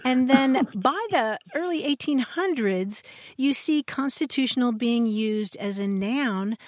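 A woman's voice: on the high side, animated, a little slow, no room sound, clean studio sound. A woman co-hosting a radio show, explaining word histories in a chatty way with little fillers.

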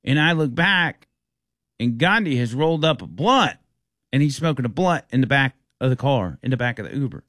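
A man's voice: mid-range voice, moderate pace, dry recording, studio quality. A man hosting a radio talk show, telling a story casually and acting out the people in it. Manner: animated, acts out the people in his stories.

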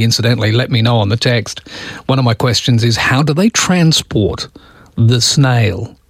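A man's voice: mid-range voice, no echo, clean studio sound. A male radio host in a casual, amused chat, tossing out rhetorical questions.

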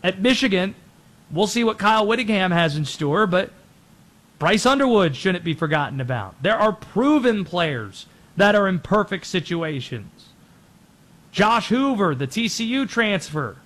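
A man hosting a sports show, talking through teams and players in quick, conversational commentary that often corrects itself. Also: high-pitched, fairly bright tone.

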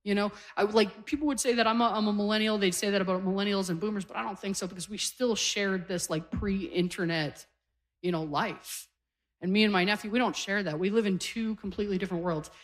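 A woman in her forties from Canada, performing stand-up in a comedy club. She talks in a chatty, self-deprecating way and laughs through her own punchlines. Her voice sits at a middling pitch. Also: steady tone, a little fast. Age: 40s.

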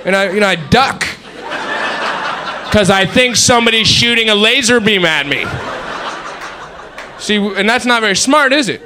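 A man's voice: high voice, expressive, brisk, long pauses, background noise. A man doing a stand-up routine, rambling and self-mocking as he tells his stories. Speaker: stand-up comic.

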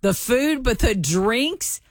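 A woman co-hosting a morning radio show, chatting in a bubbly, expressive way. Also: fairly high pitch, slow pace, no echo, clean studio sound. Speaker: radio co-host.

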